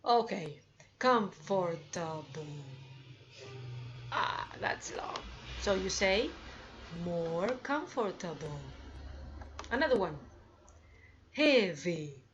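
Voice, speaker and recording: Slow, upbeat woman teaching English grammar. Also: on the low side, lively intonation, dull audio, slight background noise. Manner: slow, drawn-out examples with upbeat prompts. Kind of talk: grammar lesson.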